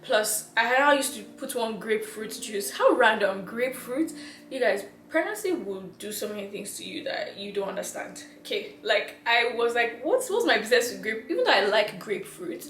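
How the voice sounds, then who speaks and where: A young Nigerian vlogger, breathless, talks casually to her viewers on camera, laughing and repeating herself. Her voice is on the high side and fairly bright, with lively intonation at normal speed, recorded in an echoey room with slight background noise.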